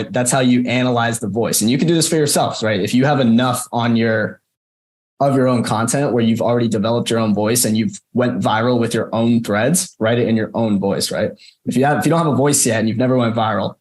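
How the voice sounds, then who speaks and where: A man teaching a group over a video call in a casual, chatty way, often checking in with "right?" and speaking to students by name. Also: mid-range voice. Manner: conversational, frequent "right?" tags, addresses students by name. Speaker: course instructor. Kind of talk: casual screen-share walkthrough.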